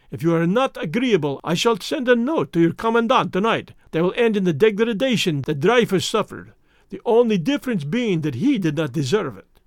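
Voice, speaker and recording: A man's voice: sits high, no echo, clean studio sound. A man reading the part of a cruel, gloating Russian blackmailer in a storybook. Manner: gloating, menacing.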